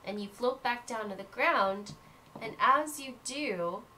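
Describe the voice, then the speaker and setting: A woman running a family tabletop game as game master, telling the story in an animated and encouraging way. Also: fairly high pitch, slow, very noisy.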